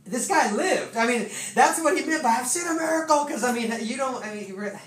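A pastor telling a sermon story in a lively, laughing way, full of fillers. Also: mid-range voice, normal speed. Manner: animated, laughing, many fillers. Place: church hall with congregation. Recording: echoey hall, distant, noisy.

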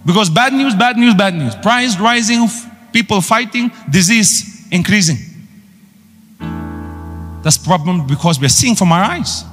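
Man, preacher, emphatic sermon, fairly high voice, long hall reverb. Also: expressive, measured pace, fairly bright tone, faint music behind. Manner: emphatic, call-and-response preaching.

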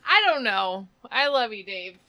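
A woman co-hosting a casual chat, giggly and animated. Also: medium pitch, measured pace, no room sound. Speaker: co-host.

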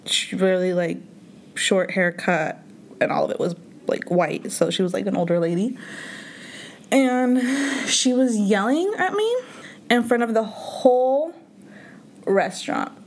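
A woman's voice: medium pitch, slight background noise. Chatty young woman telling a story. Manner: storytelling with many likes and restarts. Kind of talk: casual chat.

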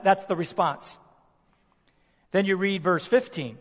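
A male preacher delivering a sermon, emphatic, posing rhetorical questions and slowing down to stress key words. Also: high-pitched, animated. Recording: long reverb of a large hall.

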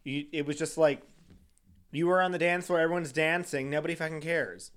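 A man's voice: fairly high pitch, a little fast, fairly bright tone, smooth. A man co-hosting a podcast in casual chat, loose and giggly, often acting out quotes. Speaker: podcast co-host.

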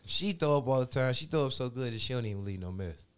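A man telling a long profane story in casual chat, animated and mimicking other people's voices. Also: mid-range voice, fast, clean tone.

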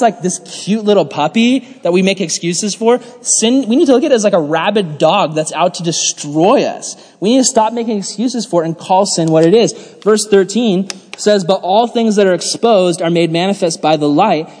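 A young man preaches a casual youth sermon in a fairly high voice. He rambles through jokey stories, leaning on "like" and laughing as he goes. The sound rings with the long reverb of a hall. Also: darkish tone. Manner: chatty, jokey, lots of "like", laughs while telling stories. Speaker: youth pastor.

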